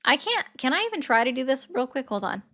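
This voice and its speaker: A woman's voice: high voice, sing-song, fast, bright, forceful tone. A woman livestreamer with a light Southern accent chatting casually and rambling as she reads viewer comments. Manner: chatty, rambling, many fillers and restarts.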